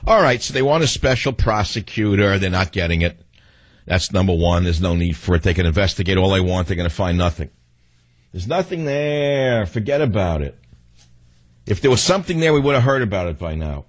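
A man's voice: low-pitched, animated, a little fast, no echo. A man with a New York accent hosting a talk radio show, delivering a combative, emphatic and self-assured monologue.

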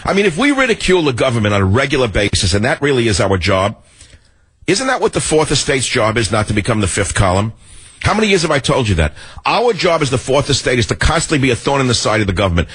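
A male talk radio host rants through a sarcastic, combative monologue. His voice is slightly husky, and his pitch swings widely as he jabs at his targets. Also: big pitch swings, fast, fairly bright tone.

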